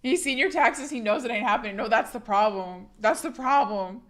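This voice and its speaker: A young woman streamer with a hoarse, husky sick voice, rambling casually to her chat and swearing a lot. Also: a little high, normal speed, fairly bright tone.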